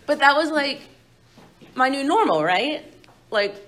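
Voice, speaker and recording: A woman's voice: sits high, animated, unhurried, fairly bright tone. A young woman candidly telling her own recovery story to a group, blunt and profane and laughing often. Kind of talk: candid personal testimony to a group.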